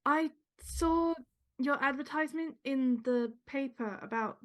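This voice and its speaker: A woman's voice: sits high, measured pace. A woman playing a character in a tabletop game, speaking hesitantly with many ums. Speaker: player. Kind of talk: tabletop role-play.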